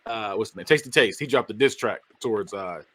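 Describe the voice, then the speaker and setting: A man on a podcast, casually recapping a movie plot in an animated way and acting out the characters' lines with bursts of laughter. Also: lowish voice, brisk, breathy edge. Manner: animated retelling, acts out characters, laughs often. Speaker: podcast host.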